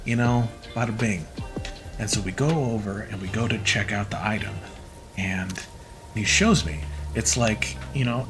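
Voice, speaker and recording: A man casually telling a work story on a late-night stream, swearing freely and acting out the dialogue. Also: fairly low pitch. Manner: profane, animated, acts out quoted dialogue.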